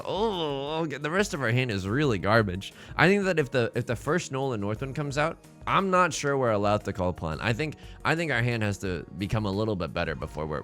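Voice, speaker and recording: A man's voice: mid-range voice, pushed and bright. A young man hosting a let's play, giving casual, jokey commentary on his game and talking to the opponents on screen.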